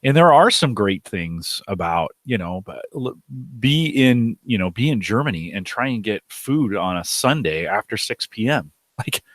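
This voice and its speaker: A man co-hosting a podcast, talking in an animated, wry way and restarting his sentences. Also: fairly low pitch, moderate pace, few pauses, no room sound, clean studio sound. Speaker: podcast co-host. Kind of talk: casual podcast chat.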